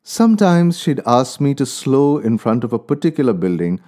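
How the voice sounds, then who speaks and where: A man telling a first-person story in a calm, measured, reflective way. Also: medium pitch. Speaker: narrator. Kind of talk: storytelling narration.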